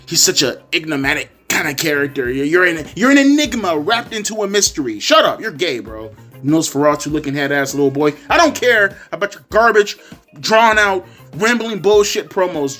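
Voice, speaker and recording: A man ranting through a wrestling review with a somewhat high voice, crude and sarcastic with plenty of swearing. Faint music plays quietly behind him. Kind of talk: ranting commentary.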